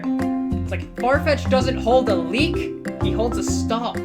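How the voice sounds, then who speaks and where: A woman's voice: medium pitch, animated, slow. A woman streaming a game, playfully reading it aloud and commenting. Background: loud game music.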